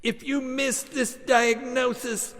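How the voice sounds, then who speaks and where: A man putting on the voice of an eccentric older male professor who yells stern threats slowly. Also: extremely high pitch, level tone, in a large hall, voice pushed up, heavily acted. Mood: yelling. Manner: yelling stern threats, slow and drawn out.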